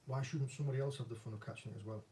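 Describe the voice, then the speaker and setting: Mellow-voiced northern English angler. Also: male voice, medium pitch, fairly even intonation, racing. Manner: chatty, self-deprecating, rambling. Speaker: angling vlogger and former commercial fisherman. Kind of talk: casual viewer Q&A chat. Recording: voice a bit distant from the mic.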